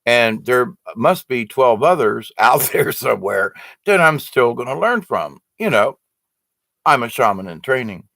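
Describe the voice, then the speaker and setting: A man talks in a loose, earnest ramble, stopping and restarting his sentences with plenty of ums and uhs. His voice sits at an ordinary middle pitch. The sound is close and dry, with no room around it. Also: sing-song, a little slow, gravelly, fairly bright tone, no echo. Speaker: livestream host reading viewer comments. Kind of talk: casual spiritual chat.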